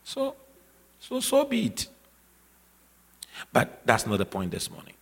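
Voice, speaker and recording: A man preaching a sermon emphatically, repeating key phrases and building to shouts. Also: mid-range voice, wildly swooping pitch, slow pace, vocal fry, breathy edge. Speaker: pastor. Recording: long reverb of a large hall.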